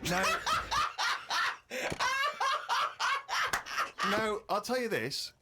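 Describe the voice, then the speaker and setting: A man, co-hosting a comedy chat show and telling an animated story, acting out other people's lines as he goes. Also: very high voice, drawn-out words, gravelly, over loud music. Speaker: co-host.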